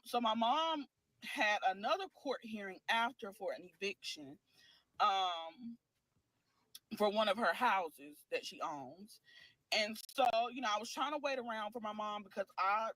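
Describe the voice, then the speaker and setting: A woman's voice: mid-range voice, expressive, normal speed, fairly bright tone, no echo, low-quality recording. A young woman, telling her own story to viewers and often calling them "y'all". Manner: keeps addressing listeners as "y'all". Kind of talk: emotional storytime.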